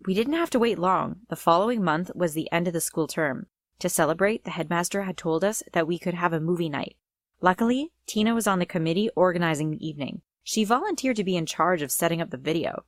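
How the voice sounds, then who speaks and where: A woman's voice: on the low side, animated, fairly quick, no echo, soft background music. A woman narrating a first-person story in a plain storytelling read.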